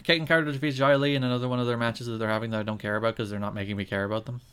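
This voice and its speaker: A man co-hosting a casual wrestling podcast, giving quick, dry recaps of matches. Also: medium pitch, level tone, fairly bright tone, smooth. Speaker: podcast co-host. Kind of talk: casual chat.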